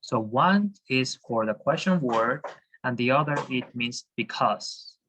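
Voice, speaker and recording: A man's voice: mid-range voice, animated, unhurried, sharp tone, a little hiss or hum, poor audio. A man teaching a class over a video call, hesitant, with many fillers and restarts. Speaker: Spanish teacher.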